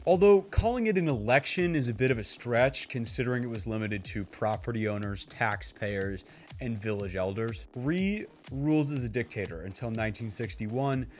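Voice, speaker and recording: A man's voice: medium pitch, lively intonation, normal speed, slight background noise. A man giving scripted narration for a history video essay, with a dry, sardonic humor.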